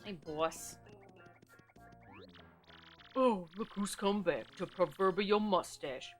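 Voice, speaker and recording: A woman voicing a gruff old male mafia boss in a game, with a put-on gangster drawl and a clipped, bossy manner. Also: mid-range voice, slow pace, faint music behind, close to an everyday voice.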